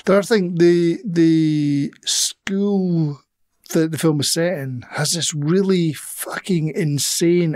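A man's voice: fairly high pitch, darkish tone. A man co-hosting a casual horror film podcast, rambling and swearing as he chats. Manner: rambling, swears, laughs often. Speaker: podcast co-host. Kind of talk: casual film review chat.

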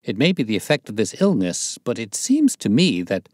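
A man doing a loud, exclaiming police inspector. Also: on the low side, big pitch swings, moderate pace, dry recording, studio quality. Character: blustering middle-aged male police inspector. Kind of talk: audiobook reading.

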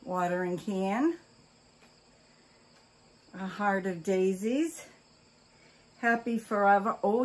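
An older woman chatting casually while she opens fan mail, gushing with oohs, gasps and exclamations of delight. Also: medium pitch. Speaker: vlogger opening fan mail. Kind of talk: casual mail-opening chat.

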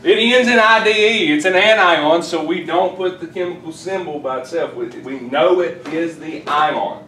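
A man's voice: on the high side, normal speed, slight background noise. A man teaching chemistry to a class, teasing and hyping up his students playfully. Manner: teasing, animated, hypes students up. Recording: echoey classroom from far off.

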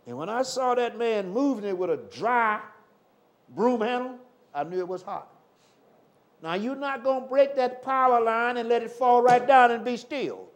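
An older man preaching a live sermon, fervent and swinging from loud exclamations to low murmurs. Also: animated, moderate pace. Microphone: live stream.

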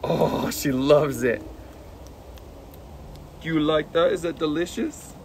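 A man's voice: on the high side, slow, a little hiss or hum. A man vlogging casually with his pet, playful and cooing at it in baby talk.

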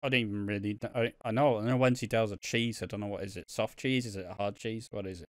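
A man co-hosting a podcast, recapping a soap opera in casual, sweary, animated rants. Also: on the low side, fast, no room sound, clean studio sound. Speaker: podcast co-host.

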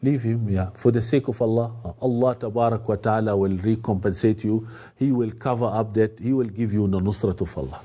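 Emphatic male preacher, mellow voice. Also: fairly quick. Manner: emphatic, repetitive, with sudden rises in pitch. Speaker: Islamic preacher. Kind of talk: televised religious lecture.

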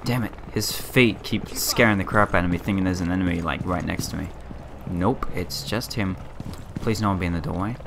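A man's voice: low-pitched, fairly quick, creaky, background noise. A man casually commenting on his own gameplay, muttering reactions and exclamations. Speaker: gamer. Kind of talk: casual let's play commentary. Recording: game audio with gunfire. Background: game gunfire.

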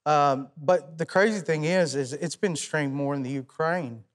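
A young man with an East Tennessee accent, a musician guest on a talk show, telling his story softly with many pauses and ums. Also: a little high. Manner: soft-spoken and halting, many ums.

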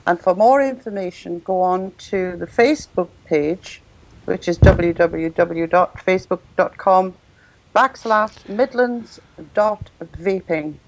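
A woman's voice: lowish voice, slow, rough recording. A woman co-hosting a web chat show, reading out an announcement and bossing the others about in fun. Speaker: co-host of a vaping web show. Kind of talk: casual chat with a spoken announcement.

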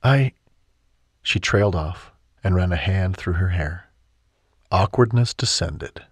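Low, husky male audiobook narrator. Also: measured pace, no room sound, clean studio sound. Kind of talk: scripted narration.

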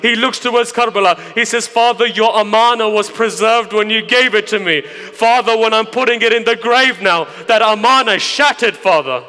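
A man preaching a grieving, impassioned mourning sermon, moving from hushed asides to loud lament in a large hall. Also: high-pitched, normal speed, few pauses, clean tone. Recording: long hall reverb.

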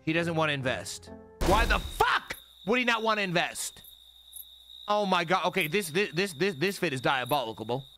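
A man streaming a video game, talking casually in an excitable, profane way with frequent laughter. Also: on the high side, moderate pace, faint music behind. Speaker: gaming streamer. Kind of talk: casual gameplay commentary.

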